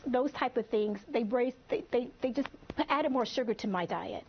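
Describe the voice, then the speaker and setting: Emotional woman, halting TV interview guest. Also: on the high side, a little hiss or hum. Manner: emotional, halting, many restarts. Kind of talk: live TV interview. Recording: slightly muffled TV broadcast audio.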